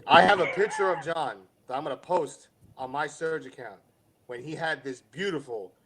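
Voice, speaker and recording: A man co-hosting a podcast, telling profane, animated stories in casual chat and acting out what people said. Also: fairly high pitch, normal speed, slightly rough, poor audio. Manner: profane, animated storytelling with many quoted voices. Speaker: podcast co-host.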